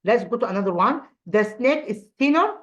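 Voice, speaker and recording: A woman's voice: a little high, animated, brisk, muffled recording. Hesitant Egyptian woman teaching English. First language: Arabic. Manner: hesitant, many fillers and restarts. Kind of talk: recorded online grammar lesson.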